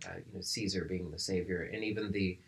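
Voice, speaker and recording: A man with a lowish voice talks through a film's themes at a measured, thoughtful pace. His tone is calm and considered, as if he is building an academic point in casual conversation. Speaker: podcast co-host. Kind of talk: casual film discussion.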